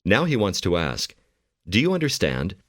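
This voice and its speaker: A man giving calm, measured instructions as the narrator of a language course. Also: deep voice. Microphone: studio mic.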